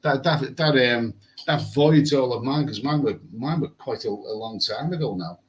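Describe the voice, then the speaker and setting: Reading comments on a casual live stream, a travel vlogger rambles and repeats words from a hotel room with air conditioning. He speaks at medium pitch and a moderate pace against a noisy background.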